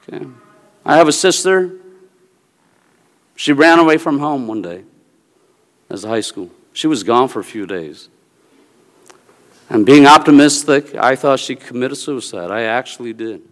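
Higher-voiced man preaching in a reverberant hall. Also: a bit bright, clear, resonant tone. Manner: earnest storytelling, checks in with the audience by asking "Okay?". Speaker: pastor. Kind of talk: sermon with personal story. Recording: long reverberant hall sound.

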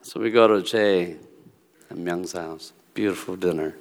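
A man preaching a sermon in a relaxed, storytelling way, acting out the dialogue of the people in his stories. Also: sits low, a little slow. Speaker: pastor. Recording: long reverb of a large hall.

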